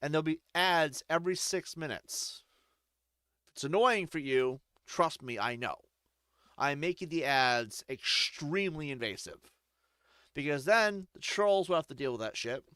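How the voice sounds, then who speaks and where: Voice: mid-range voice, expressive, a little slow, fairly bright tone, clean tone, no echo. A streamer giving crude, joking gameplay commentary, often laughing between remarks.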